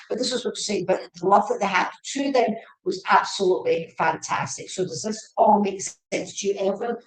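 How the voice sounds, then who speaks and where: A woman giving a live-streamed psychic reading, chatty and repetitive, speaking to viewers by name. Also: mid-range voice. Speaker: psychic medium. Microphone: webcam or phone. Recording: echoey room.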